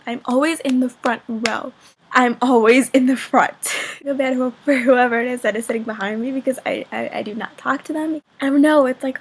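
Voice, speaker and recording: A teenage girl vlogging in casual chat to the camera, rambling and chatty with a husky voice. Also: high voice. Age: teens.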